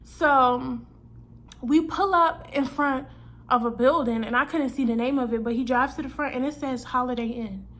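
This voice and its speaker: A woman's voice: high voice, normal speed, fairly bright tone. A woman in her twenties telling a personal story in a casual storytime vlog, chatty and slangy, acting out her own lines and other people's. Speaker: vlogger.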